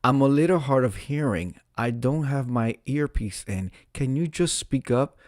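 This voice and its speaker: A man voicing a reluctant female relay operator in a flat, unenthusiastic monotone. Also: mid-range voice, normal speed, no echo, studio quality, lightly acted. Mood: deadpan.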